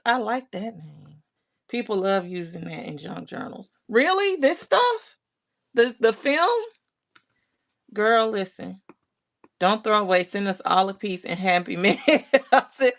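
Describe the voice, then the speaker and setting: A woman with a mid-range, slightly bright voice hosts a laid-back crafting livestream. She greets viewers by name, reads their comments out loud, and talks to herself as she works.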